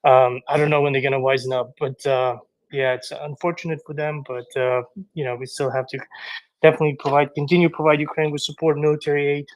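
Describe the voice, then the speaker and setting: A man speaking as a guest on a live online audio chat, loud and rambling. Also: on the high side, flat delivery, quick pace, no room sound, low-quality recording. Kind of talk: casual chat.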